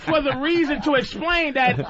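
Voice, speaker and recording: A man co-hosting a radio talk show, swearing and shouting in heated comic rants. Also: very high voice, normal speed. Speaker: comedian co-host. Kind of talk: loud comic radio banter. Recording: dull radio audio with audience noise.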